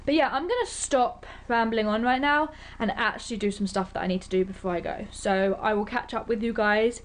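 A young woman chatting to camera in a casual beauty vlog, bubbly and rambling, with quick asides. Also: fairly high pitch. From Britain. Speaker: beauty vlogger.

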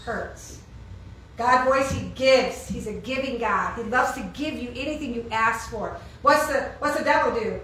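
A woman's voice: fairly high pitch, a little slow, a bit bright, slight background noise. A woman preaching an informal sermon, asking the congregation questions and answering them with emphasis. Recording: echoey room, heard from far off.

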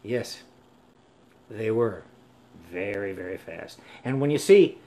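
A man's voice: lowish voice, animated, warm tone. An older man, a musician hosting his own live stream, telling rambling stories between songs with many restarts and fillers. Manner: halting, full of restarts and fillers.

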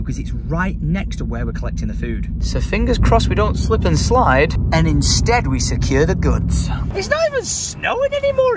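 A man's voice: a little high, background noise. Playful man vlogging. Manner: chatty, playful, jokey. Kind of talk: casual vlog chat.

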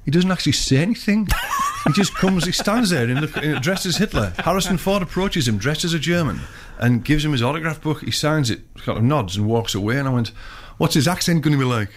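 A man's voice: a little high, lively intonation, a little fast, few pauses, slight background noise. A man, a filmmaker guest telling long, rambling anecdotes in casual chat. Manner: rambling storyteller, many restarts.

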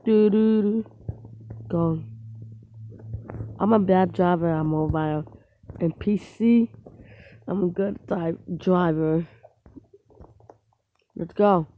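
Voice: medium pitch, slow, pauses often, narrow, tinny audio. A gamer giving casual let's-play commentary on their own mobile play, rambling to themselves with frequent restarts and small outbursts at the game.

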